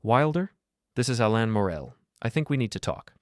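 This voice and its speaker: A man voicing a smooth-talking doctor who sounds strained and uncertain. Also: medium pitch, very animated, normal speed, a little mellow, no echo, clean studio sound, voice pushed up, natural voice. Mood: uneasy.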